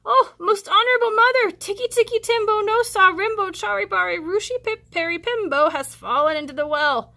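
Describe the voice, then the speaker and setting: A woman putting on a small boy in a storybook, pitched very high and sounding breathless. He hurries his words and pants between them. The voice is bright and pushing hard. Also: brisk, creaky, few pauses, full character voice. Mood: urgent, pleading.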